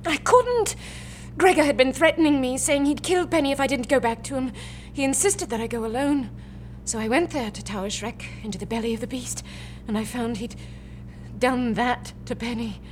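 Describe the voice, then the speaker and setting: A woman's voice: sits high, moderate pace, slight background noise, close to an everyday voice. An actress playing a shaken but fierce young woman who speaks in a tense, clipped way, in an audio drama.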